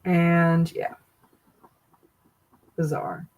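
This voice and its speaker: A woman's voice: on the low side, fairly even intonation, very slow, a little mellow, rough recording. A woman hosting a casual livestream, reacting with amused, laughing commentary. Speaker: livestream host.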